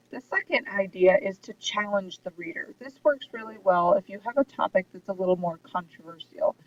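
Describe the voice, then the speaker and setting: A woman giving a recorded lesson on essay writing, explaining steadily with frequent ums and uhs. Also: medium pitch. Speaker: writing instructor. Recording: dull distant mic with faint hiss.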